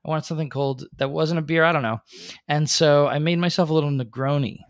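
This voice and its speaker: A man's voice: a little high, fairly even intonation, quick pace, no room sound, clean studio sound. A man co-hosting a casual podcast, explaining things at length in a chatty way with many fillers. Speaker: podcast co-host.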